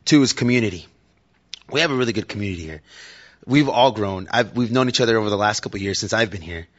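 A man's voice: on the low side, quick pace, highs cut off. A man giving a casual, conversational sermon to his church and joking with the audience. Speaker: lay preacher. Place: church hall.

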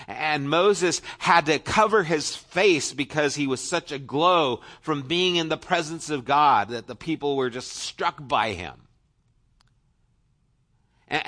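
A man preaching a sermon in a bright, forceful voice that sits a little high. He tells the story with casual asides and lets his voice sink soft and low to make a point.

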